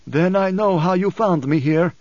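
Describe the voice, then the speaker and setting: A man voicing an old blind preacher, hoarse, bitter and fearful, with tense, raised and pleading lines. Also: high-pitched, normal speed, darkish tone, no room sound, highs cut off, voice pushed up.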